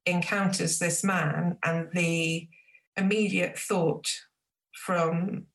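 Woman author, lowish voice, reads her own novel slowly, echo on the room. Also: little pitch movement. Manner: measured, reflective reading. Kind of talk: book reading and interview. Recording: roomy echo.

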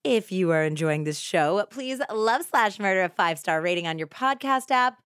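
A woman's voice: mid-range voice, animated, moderate pace, a bit bright, smooth, no room sound, clean studio sound. A woman in her thirties co-hosting a true crime podcast, chatting and laughing between scripted narration. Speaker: podcast co-host.

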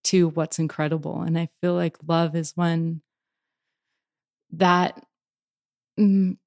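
A woman's voice: fairly low pitch, level tone, gravelly, a little mellow, no echo, studio quality. A woman poet and author answering interview questions reflectively, searching for words as she goes. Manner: thoughtful, searching, halting restarts.

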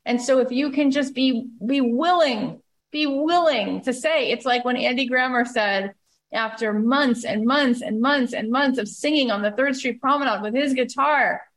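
A woman hosts a motivational podcast at a moderate pace, her high-pitched voice enthusiastic and emphatic. She stacks repeated phrases and spiritual self-help talk into rhythmic runs.

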